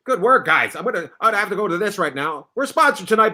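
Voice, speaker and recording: Excitable high-voiced male comedy host. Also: fast, hardly any pauses. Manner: excitable, laughing, awards joke points. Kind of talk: casual online comedy chat.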